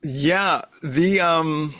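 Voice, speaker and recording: A man's voice: on the high side, very slow, pushed and bright, dry recording. A man co-hosting a casual podcast chat, thinking aloud in a hesitant, musing way. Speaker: podcast co-host.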